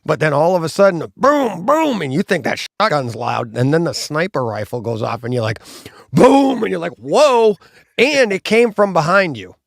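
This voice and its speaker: Man, gravelly, animated, casual host chat, dry close sound. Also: fairly high pitch, fairly quick, few pauses, no room sound. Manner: animated, acts out gunshot sounds.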